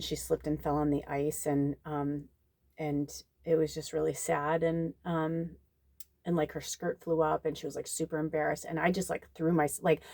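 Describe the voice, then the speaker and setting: A young psychic medium with a low voice talks to her viewers in a casual tarot reading, and the recording has no room sound. Telling a personal story, she's tearful and nearly crying, swearing freely and imitating others' words in lively voices.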